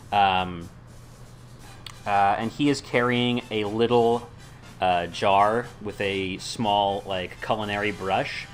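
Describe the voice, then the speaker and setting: A man narrates as game master of a tabletop game, in loose speech with many fillers and sound effects. His voice is fairly low, with a bright, edgy tone.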